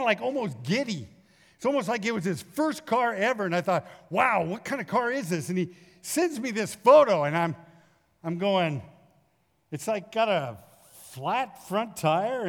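A middle-aged man, a pastor, preaching a sermon in a folksy storytelling way with lively acted asides. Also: high voice. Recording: long hall reverb.

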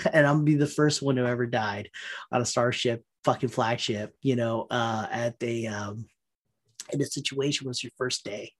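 A man in a rambling, profane, animated casual rant. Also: medium pitch, moderate pace.

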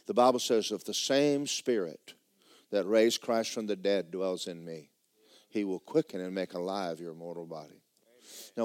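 A man's voice: fairly low pitch, darkish tone. A man preaching a sermon in a church, telling stories in a folksy way and reading scripture aloud with rising drama. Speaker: pastor.

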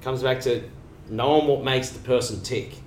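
Animated man guest on a coaching podcast. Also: mid-range voice, normal speed, a little hiss or hum. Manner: animated storyteller, acts out quotes, casual swearing. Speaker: bodybuilding coach. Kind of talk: casual podcast conversation. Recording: roomy room sound.

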